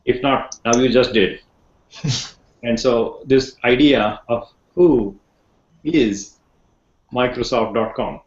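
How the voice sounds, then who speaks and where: A man with a mid-range, somewhat dark voice teaches an online class by video call. Serving as instructor, he rambles slightly, repeats words, and asks his students questions, all through echoey, muffled call audio.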